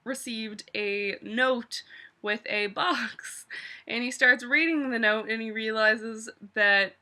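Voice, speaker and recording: Bright-voiced woman ranting through a recap. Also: fairly high pitch, takes it slowly. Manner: animated, swearing often, exclaiming. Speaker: video reviewer. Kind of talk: casual TV episode recap.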